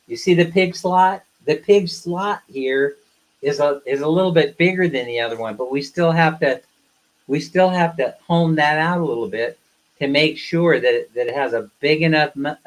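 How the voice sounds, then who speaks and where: A man with a slightly high voice hosts a casual live stream. He talks straight at his viewers in a blunt, ranting way, then turns playful and teasing. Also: poor audio. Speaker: live streamer, co-host of a couple's channel.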